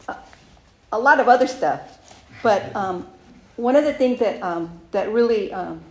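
A middle-aged woman tells her own recovery story in a candid, rambling way. She fills her sentences with fillers and asides. Her voice sits fairly high, with a faint hiss in the background. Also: a little mellow. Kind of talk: personal recovery share.

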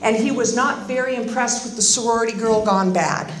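Animated woman telling her recovery story. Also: a little high, a little fast. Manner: animated, sarcastic, acts out voices. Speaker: recovery meeting speaker. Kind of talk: personal testimony with humor. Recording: roomy echoing meeting hall.

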